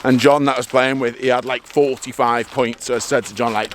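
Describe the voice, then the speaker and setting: A man hosting a golf vlog, chatting and telling stories excitably while playing a round outdoors. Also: medium pitch, fairly quick. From England. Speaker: vlog host, golfer. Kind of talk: casual chat on the course. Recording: faint outdoor noise.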